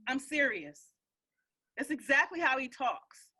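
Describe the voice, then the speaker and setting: A woman's voice: high voice, sing-song, a little slow, sharp tone, breathy edge. A woman hosting a casual community call, emphatic and encouraging as she talks. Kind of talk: casual group call chat.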